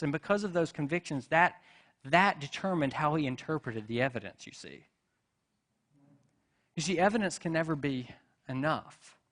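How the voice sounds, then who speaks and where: A man's voice: a little high, a bit bright. A man preaching a sermon in a church, telling stories in a conversational way with asides and rhetorical questions. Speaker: pastor. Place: church sanctuary.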